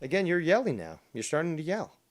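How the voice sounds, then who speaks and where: A man's voice: a little high, wildly swooping pitch, quick pace, heavy background noise. A man from Canada hosting a heated panel argument, smug and profane as he lectures the others. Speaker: show host.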